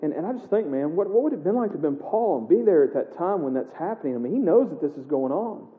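A man preaching a sermon in a casual, animated way, acting out the scripture he reads aloud. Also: on the high side, fast. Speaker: pastor. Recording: echoey room heard over a tinny narrow line.

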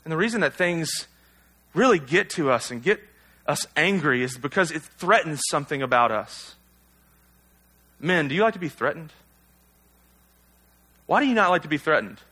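A man's voice: a little high, lively intonation, normal speed, long pauses, sharp tone, breathy edge. A male pastor giving a sermon in a conversational, self-deprecating way, full of rhetorical questions to the congregation.

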